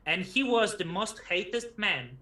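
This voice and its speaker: A male guest on a livestream who talks haltingly, doubling back on words as he goes. His voice is fairly high and very bright and sharp. It rings in an echoey room. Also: expressive. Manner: halting, repeats words while building sentences. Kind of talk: casual livestream chat.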